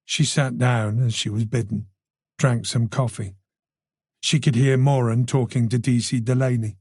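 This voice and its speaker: A man narrating a thriller audiobook in a taut, measured way. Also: mid-range voice, steady tone, darkish tone, breathy edge, no echo, studio quality.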